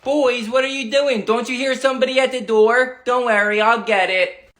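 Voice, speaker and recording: A sketch comedian playing every role in a family comedy sketch, switching between put-on voices and often shouting. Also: mid-range voice, steady tone, moderate pace, dry recording. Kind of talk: one-man comedy sketch with many voices.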